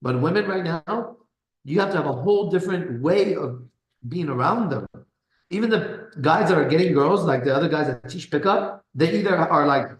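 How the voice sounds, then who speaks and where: A man hosting a casual live stream, boastful and profane, with his voice swinging between low mutters and loud bursts. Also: expressive, moderate pace, roomy sound, low-quality recording. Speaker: pickup coach host. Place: kitchen.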